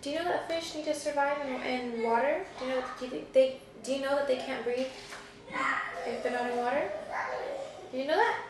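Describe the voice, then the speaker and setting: Patient high-voiced woman teacher. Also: brisk, long pauses, noisy background. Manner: patient, questioning, coaxing. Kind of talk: reading a picture book with a child. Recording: echoey room, mic far off.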